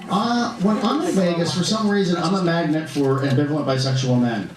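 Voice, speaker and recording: A man doing stand-up comedy in a comedy club, camp and animated, bantering with the audience. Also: fairly high pitch, a little fast, hardly any pauses, music in the background. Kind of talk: stand-up comedy with crowd work. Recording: echoey club heard from a distance, audience laughter. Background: audience laughing.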